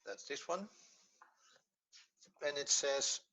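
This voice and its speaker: A man's voice: mid-range voice, unhurried, bright, forceful tone, slightly rough, poor audio. A man teaching a Hebrew lesson online, patiently explaining step by step and repeating points so they sink in. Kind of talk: online lesson, screen-sharing.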